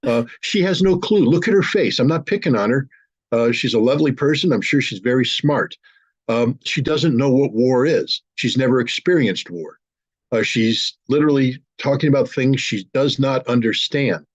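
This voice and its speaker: Husky, indignant male commentator. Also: medium pitch, moderate pace, no echo. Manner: forceful, indignant, blunt. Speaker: guest commentator. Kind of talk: political commentary in an online interview.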